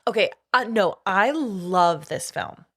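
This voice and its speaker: A woman's voice: mid-range voice, lively intonation, takes it slowly, a bit bright. A woman co-hosting a podcast, chatting casually and enthusiastically, swearing often and using many fillers. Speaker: podcast co-host. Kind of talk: casual chat.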